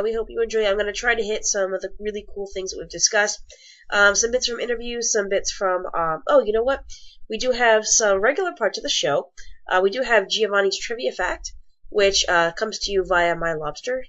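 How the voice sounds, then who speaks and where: A woman's voice: mid-range voice, fairly bright tone. Chatty woman podcast co-host, muffled audio. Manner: rambling, chatty, many fillers. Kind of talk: casual podcast chat.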